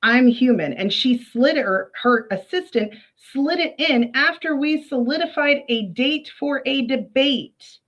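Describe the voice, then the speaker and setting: A woman's voice: high voice, a little slow, few pauses, dull audio. A woman streamer giving casual, indignant commentary with frequent laughs. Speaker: streamer reacting to a clip.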